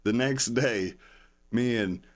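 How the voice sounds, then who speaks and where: Slow-paced and medium in pitch, this man is a podcast guest recounting a long tale in casual conversation. He rambles along and lifts his voice whenever he voices other people's lines.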